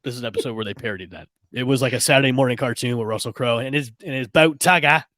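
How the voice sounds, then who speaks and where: A man co-hosting a casual movie-review podcast, talking at an ordinary pitch for his sex. He stumbles and restarts often but lands on firm opinions. The sound is dry and close, with no room echo. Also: fairly bright tone. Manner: halting, many restarts, emphatic opinions. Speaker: podcast co-host, film reviewer. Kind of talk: casual chat.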